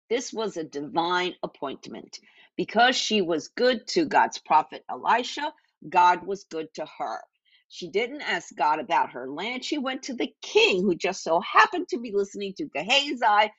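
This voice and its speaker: A woman's voice: on the low side, slightly rough, no room sound, dull audio. A woman reading and teaching a Bible passage in an earnest devotional style. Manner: earnest, reads scripture aloud with small slips.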